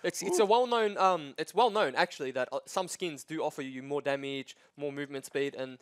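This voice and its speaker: A man's voice: a little high, a little fast, dry recording, clean studio sound. A man analysing an esports match in long run-on explanations, with playful asides. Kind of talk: casual analysis chat.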